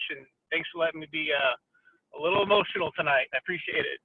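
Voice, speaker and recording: A man in his thirties, calling in from his car, shares his story on a group call, earnest and emotional, halting with fillers. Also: fairly high pitch. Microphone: phone while driving. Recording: tinny phone line.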